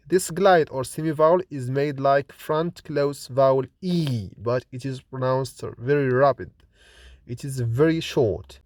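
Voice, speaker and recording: A man's voice: medium pitch, a little mellow, dry recording, clean studio sound. A man teaching a recorded phonetics lesson, reading example words one by one for the listener to repeat. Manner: slow, deliberate drilling of example words for repetition. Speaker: phonetics lecturer.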